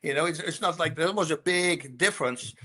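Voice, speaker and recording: A lively man in his sixties with a Dutch accent spins stories as a podcast guest, acting out both sides of the conversation and punching them up with sound words. His voice sits a bit high for a man and comes across bright and forceful. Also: brisk. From Netherlands. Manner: animated storyteller, acts out dialogue, sound words like boom and bonk. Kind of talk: storytelling interview.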